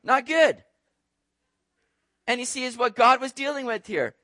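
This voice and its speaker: High-voiced man preaching animatedly. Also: fast talker, no room sound, clean studio sound. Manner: animated, conversational preaching with rhetorical asides. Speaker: pastor. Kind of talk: sermon.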